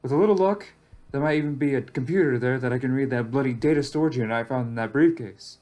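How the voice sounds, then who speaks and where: A man's voice: mid-range voice, fast, darkish tone, lightly acted. A man reading aloud as a lost, anxious young survivor in a text game, reflective and wry, with faint game music behind. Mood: musing. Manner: reflective, rises sharply when alarmed.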